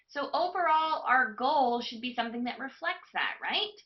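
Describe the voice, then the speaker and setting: A woman's voice: sits high, muffled recording. A woman tutor reading a passage aloud in a live online class and stopping to put questions to her students. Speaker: test prep tutor.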